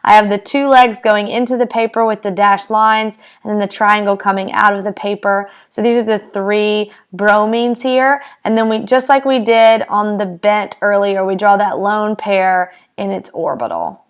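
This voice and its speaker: A woman chemistry teacher sums up each problem briskly and in plain words. Her voice is smooth and resonant. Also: mid-range voice, fairly even intonation. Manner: brisk, summarizing, plainly spoken. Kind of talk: explaining with drawings.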